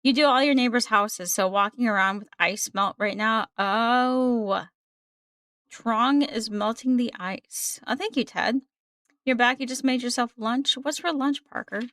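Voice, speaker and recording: A woman's voice: fairly high pitch, a little slow, fairly bright tone, dry recording, clean studio sound. A young woman livestreaming a game, chatting casually and upbeat with her viewers, sometimes tripping over her words. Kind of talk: casual chat with live chat while gaming.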